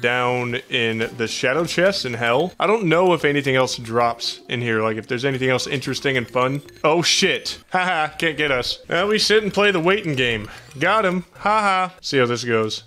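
A young man giving profane, jokey Let's Play commentary, often yelling at the game. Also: mid-range voice, animated, moderate pace, hardly any pauses. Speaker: gaming YouTuber.

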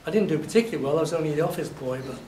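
A man from England giving a university lecture, telling lively stories and acting out his examples, his voice a little hoarse. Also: fairly high pitch, racing. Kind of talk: classroom lecture. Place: lecture hall. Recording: echoey hall, distant mic, faint noise.

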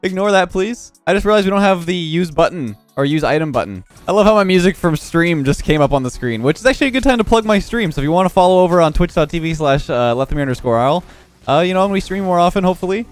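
A young man calls out his own gameplay as it happens. His voice sits a little high and swings widely, jumping up in bursts of excitement and laughter. He talks casually into a desk microphone. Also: very fast, faint music behind. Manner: excitable, laughing, frequent exclamations. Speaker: gaming YouTuber. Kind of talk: live gameplay commentary.

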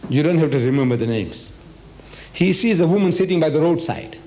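A man's voice: a little high, lively intonation, fairly quick, a little mellow. A man from Africa, giving a religious lecture in a hall and pressing the audience with rhetorical questions. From South Africa. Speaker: Islamic lecturer.

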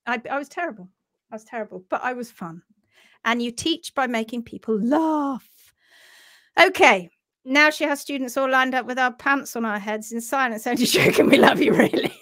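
Woman, live stream host, animated, self-mocking, laughs a lot, fairly high voice. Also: normal speed. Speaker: host of a live horse-care session. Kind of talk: casual live storytelling.

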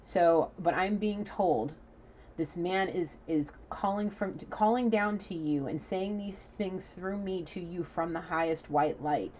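A woman with a lowish voice gives a spiritual reading, talking emphatically and casually with plenty of swearing. The recording sounds a little dull, with a faint hiss underneath. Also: unhurried, a little mellow. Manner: emphatic, profane, chatty. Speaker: psychic reader. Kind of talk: spiritual card reading to camera.

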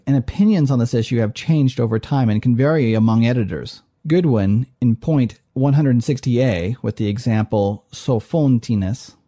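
A male professor giving a recorded lesson in a steady, methodical way, spelling out each rule with care. His voice is mellow and dark, recorded close with a dry sound and no room echo. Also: mid-range voice. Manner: methodical, clearly enunciated explanation. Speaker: Greek professor. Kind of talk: recorded lecture.

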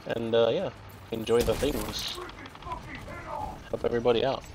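Gravelly Australian man streaming a shooter. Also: medium pitch, steady tone, measured pace, noisy background. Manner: chatty, joking, reacting aloud to the game. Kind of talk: casual gameplay commentary. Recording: game gunfire and explosions loud behind voice.

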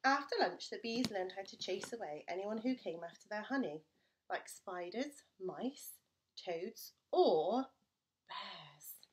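A woman teacher reading a children's storybook aloud to her class, with expressive, playful storytelling. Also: medium pitch, slow pace.

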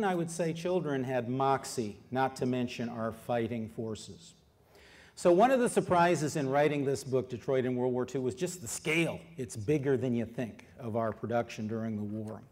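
Lively man lecturing an audience. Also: medium pitch. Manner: lively, asks the audience questions, many fillers. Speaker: author giving a history talk. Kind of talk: public lecture to a live audience.

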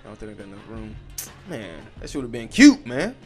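This gaming channel host is a young man with a lowish, very animated voice and a fairly quick delivery, with faint music behind him. His let's-play commentary is casual and swear-heavy, and he chats to viewers while getting frustrated with the game.

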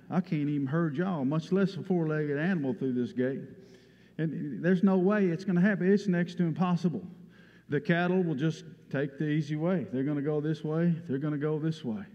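A man preaching a sermon, telling a story in a folksy way. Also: fairly high pitch. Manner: folksy storytelling, Southern turns of phrase. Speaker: pastor. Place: church sanctuary. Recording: dull sound with long hall reverb.

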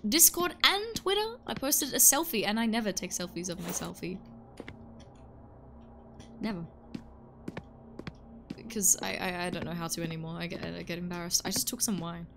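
A woman's voice: fairly low pitch, lively intonation, normal speed, creaky, long pauses, background noise. A woman chatting casually on a live stream while playing a game, joking and greeting her chat between yawns.

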